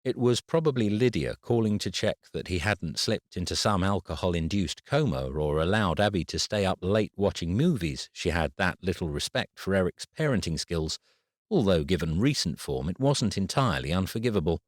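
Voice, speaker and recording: An audiobook narrator with a deep male voice reads scripted narration in an animated way at a normal speed. The studio-quality recording has no echo.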